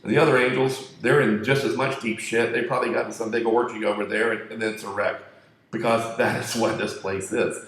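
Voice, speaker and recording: A man's voice: on the low side, fairly even intonation, brisk, fairly bright tone. A man telling a crude, profane, joking story in a rambling monologue. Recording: echoey room.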